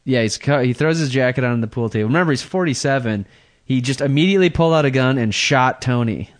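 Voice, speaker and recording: A man in his thirties co-hosting a podcast in casual chat, often laughing and acting out quick voices as he tells a story. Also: mid-range voice. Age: 30s. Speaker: podcast co-host.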